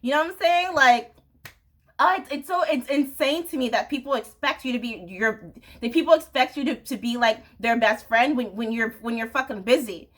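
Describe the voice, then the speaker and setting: Woman, young adult, casual vlog rant, exasperated, swearing, higher-pitched. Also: moderate pace, fairly bright tone. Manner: exasperated, swearing, frequent "you know what I'm saying". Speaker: vlogger.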